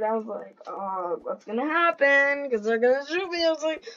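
A young woman giving casual gameplay commentary, excitable and giggly, swinging between panic and glee. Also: high-pitched, moderate pace, few pauses, muffled recording.

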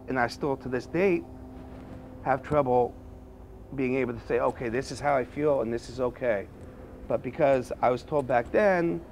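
A man looks back on hard times in a documentary interview. He stresses his points by repeating phrases. His voice is of middling pitch, and faint noise sits in the background. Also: poor audio. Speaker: interviewee, former student.

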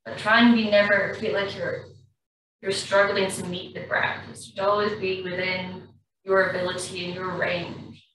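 A woman, a yoga instructor calmly guiding a class through slow breathing in a studio. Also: medium pitch. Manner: slow, calm, even-toned guidance. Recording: very echoey room, far from mic, faint noise.

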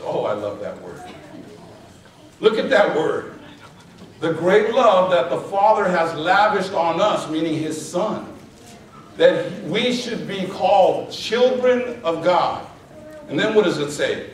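A man's voice: sits high, very echoey, recorded from a distance, background noise. A man preaching a sermon to a congregation, stressing key words and calling for responses. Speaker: pastor. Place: church sanctuary.

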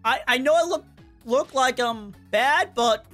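High-voiced excitable woman gamer. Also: unhurried, faint music behind. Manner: excitable, chatty, talks to game characters. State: voice worn and cracking, coughing. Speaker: gameplay commentator. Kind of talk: casual game commentary.

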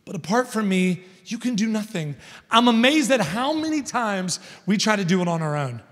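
Man, 30s, guest preacher; storytelling sermon with rising emphatic peaks, higher voice, reverberant sanctuary. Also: big pitch swings, normal speed. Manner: storytelling, builds to loud emphatic points. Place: large church hall. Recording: long church hall reverb.

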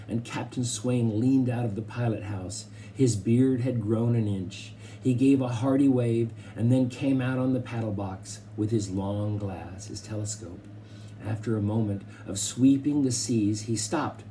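Mellow male audiobook narrator. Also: mid-range voice, a little hiss or hum. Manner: measured, expressive storytelling. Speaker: audiobook reader. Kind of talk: scripted narration.

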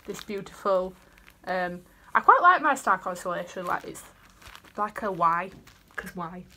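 A woman's voice: on the low side, lively intonation, unhurried, pushed and bright. A young woman chatting in a casual home vlog, bubbly and rambling as she gushes over things. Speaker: vlogger. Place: family home, indoors.

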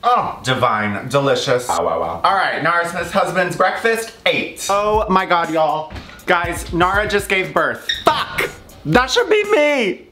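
An excitable man gushes his way through a casual cooking vlog, his voice bright and swooping up and down in pitch. He sits a little high for a man. The kitchen around him rings with echo. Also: a little slow, faint music behind. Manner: gushing, excitable, exclaims constantly. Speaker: food vlogger. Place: home kitchen.

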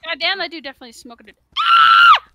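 A woman's voice: high-pitched, wildly swooping pitch, fast talker, heavy background noise. A woman chatting, giggling and swearing while playing a co-op video game with a friend. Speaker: gaming co-player. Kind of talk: casual co-op gameplay chat.

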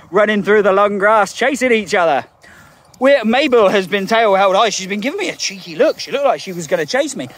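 A Glaswegian woman, a professional dog walker, narrating a casual vlog outdoors in the fields and breaking into high sing-song baby talk with the dogs. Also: breathy edge. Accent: Glaswegian Scottish. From Glasgow, Scotland.

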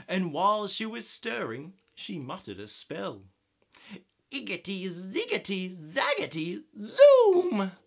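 A man with an Australian accent reads a picture book aloud, taking his time over each line. His pitch rises and falls expressively as he tells the story. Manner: animated, expressive read-aloud.

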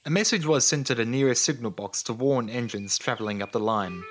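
Narrator: a man in a calm storybook reading, music playing behind. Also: medium pitch, fairly quick. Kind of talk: scripted narration.

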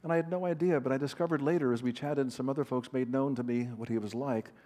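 Warm in tone and quick in pace, this man's medium-pitched voice keeps a fairly even intonation. A Christian author and counselor, he gives a conversational teaching talk to a large live audience, mixing anecdotes and self-deprecating humor with fillers and restarts.

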